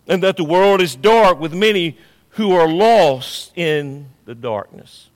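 A man's voice: on the high side, animated, takes it slowly, in a large hall. A man preaching a sermon as pastor, emphatic and repetitive, swelling and dropping in intensity.

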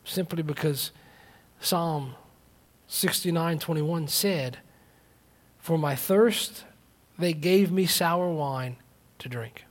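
A man preaching a sermon. He moves from quiet reflective talk to loud emphatic preaching, repeating key phrases and restarting. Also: on the high side, takes it slowly. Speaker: pastor.

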